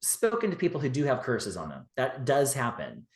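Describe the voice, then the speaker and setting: A man speaking as a podcast guest in relaxed, rambling conversation, full of "you know" fillers. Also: medium pitch, moderate pace. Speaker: guest, witchcraft teacher. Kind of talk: casual interview talk. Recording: roomy echo.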